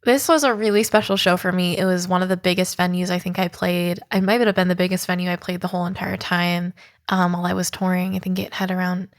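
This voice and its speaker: A woman's voice: on the low side, fairly even intonation, fast. A young woman hosts a podcast in a casual, chatty way, telling a story with animation. She laughs along as she talks. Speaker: podcast host.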